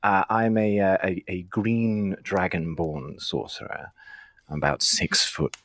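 In a tabletop game, a player voices an eccentric male dragonborn sorcerer, role-playing in character in a chatty, genteel manner. His voice is low, unhurried, and fairly bright, with slight background noise.

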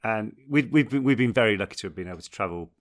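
A man's voice: fairly low pitch, lively intonation, racing. An English man in his thirties, an actor guest chatting casually and at length in an interview, laughing often.

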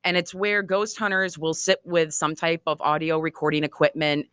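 A woman author being interviewed, telling stories in a chatty, animated way with frequent laughs. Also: sits low, normal speed, smooth, dry recording. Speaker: author and guest. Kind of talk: conversational storytelling interview.

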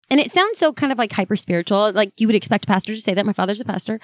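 Animated, dramatic woman telling stories. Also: mid-range voice, racing, few pauses, dry recording, dull audio. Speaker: author and guest. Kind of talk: podcast interview storytelling.

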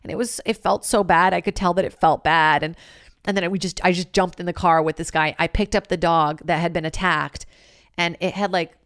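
A woman in her thirties hosts a podcast and tells a wild story in loose, profane chat, with "like" in almost every sentence. Her voice sits on the low side for a woman. The sound is close and dry. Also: fairly quick, no echo. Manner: animated, profane, filler-heavy with lots of "like". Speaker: podcast host. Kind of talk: casual comedic storytelling.

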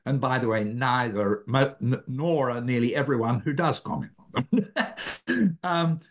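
An older man answering interview questions about his ideas. His pitch rises and falls freely as he talks. He pauses and restarts phrases often, working through each point. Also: expressive. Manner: thoughtful, halting, restarts phrases. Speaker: philosopher, author.

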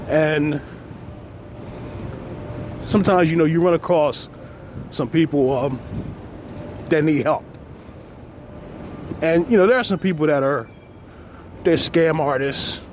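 A man talking casually to his camera while walking through the city, speaking loosely and dropping "man" and "you know" often. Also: on the high side. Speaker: vlogger. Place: city street outdoors. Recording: noisy outdoor street audio. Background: street traffic.

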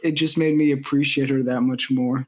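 A man's voice: mid-range voice, steady tone, a little fast, darkish tone. A man co-hosting a casual movie podcast, telling stories about his favorite scenes with enthusiasm. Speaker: podcast co-host. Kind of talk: casual movie review chat.

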